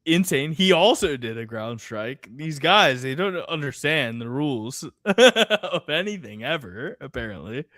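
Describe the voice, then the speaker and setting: A man's voice: on the high side, very animated, unhurried, fairly bright tone, no echo, clean studio sound. A man co-hosting a casual sports betting podcast who tells stories animatedly and laughs mid-sentence. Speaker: podcast co-host.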